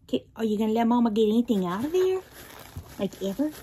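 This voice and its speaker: A woman's voice: fairly high pitch, very animated, quick pace, mellow, slight background noise. A woman hosting a casual unboxing video, cooing playfully at her cat and laughing often. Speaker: vlog host.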